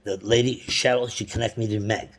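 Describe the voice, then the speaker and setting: A man's voice: fairly low pitch, steady tone, fairly quick. A man on a phone call, complaining at length about a bank with frustrated, repetitive restarts and sudden outbursts. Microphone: phone call recording.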